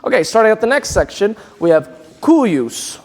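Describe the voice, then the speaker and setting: A man's voice: sits high, sing-song, normal speed, a little mellow. A man leading a choir rehearsal, coaching Latin pronunciation and speaking lines for the singers to repeat. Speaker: choir director. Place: church rehearsal space. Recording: long reverb of a church hall.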